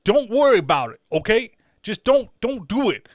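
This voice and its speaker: A man's voice: high voice, big pitch swings, normal speed, no room sound, clean studio sound, pitched above the performer's own voice. A man putting on a brash, swaggering priest with a thick Boston accent, like a tough guy from a mob movie. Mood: cocky. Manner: cocky, dismissive, mock-tough.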